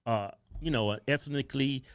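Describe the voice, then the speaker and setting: A middle-aged man bantering with a co-host, pressing his point insistently with halting fillers. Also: mid-range voice. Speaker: political commentator.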